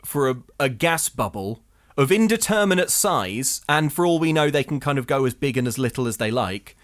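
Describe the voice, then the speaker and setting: A man's voice: medium pitch, animated, normal speed, a bit bright. Playful man riffing casually. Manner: playful, riffing on gory bits. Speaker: podcast co-host. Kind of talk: casual chat.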